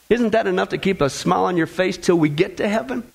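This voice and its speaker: A man's voice: sits high, animated, fast talker, gravelly, few pauses, poor audio. A man preaching a sermon with emphatic, repeated phrases, speaking directly to the congregation.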